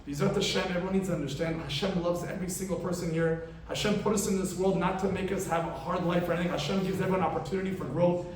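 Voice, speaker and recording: A man, a rabbi giving a weekly class, telling a parable as a lively storyteller who acts out the characters. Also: high-pitched, fast, hardly any pauses. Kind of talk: storytelling sermon. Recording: very echoey room, voice from far off, faint noise.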